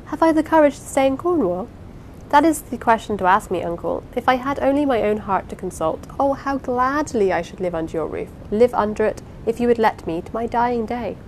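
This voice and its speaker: A woman's voice: fairly high pitch, animated, brisk, a little hiss or hum, voice pushed up. A woman reading as an anxious, self-repressed young niece.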